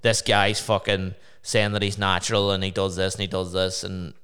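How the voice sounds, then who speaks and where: A man's voice: sits low, little pitch movement, normal speed, fairly bright tone, clear, resonant tone. A man co-hosting a podcast in casual chat, talking loosely with lots of swearing and "like". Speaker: podcast co-host.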